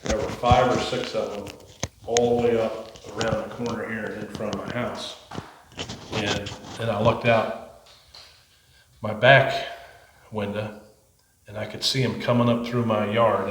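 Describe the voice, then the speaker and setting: Earnest podcast host in an echoey room. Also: male voice, on the low side, flat delivery, unhurried, a bit bright. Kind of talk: interview questions and casual chat.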